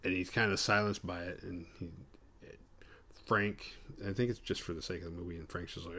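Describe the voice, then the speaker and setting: A man recapping a horror film for his show, swearing casually and jumping into quick voices for the characters. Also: sits low, fairly even intonation, fairly bright tone. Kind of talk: casual comedic retelling.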